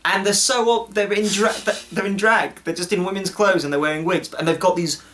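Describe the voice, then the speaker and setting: A man's voice: high voice, steady tone, a little fast, pushed and bright. A man co-hosting a casual chat, talking loosely, laughing often, swearing and mimicking characters. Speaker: co-host.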